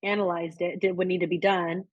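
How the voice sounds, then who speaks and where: Her voice sits fairly low with little pitch movement, and she talks a little fast. She's a podcast co-host in a loose spiritual chat, rambling and restarting often with plenty of "likes." The sound is dry and slightly dull, with no echo.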